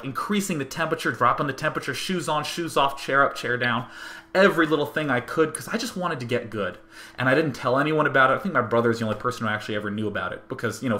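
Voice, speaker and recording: A young man tells a personal story in a bright, forward voice. His delivery is animated and rambling, and he keeps restarting sentences as he works through his thoughts. It sounds like a casual monologue from a host. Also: mid-range voice.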